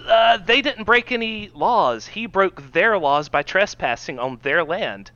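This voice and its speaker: A male podcast co-host with a fairly high, bright and forceful voice. He argues his points with emphasis in casual chat. The audio sounds muffled and lo-fi. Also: expressive, measured pace.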